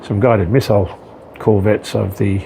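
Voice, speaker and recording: A man's voice: on the low side, fairly even intonation, normal speed, vocal fry, warm tone, slight background noise, low-quality recording. A man giving casual unboxing commentary on his miniatures, hesitant, with frequent ums and self-corrections. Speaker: wargaming hobbyist reviewing miniatures.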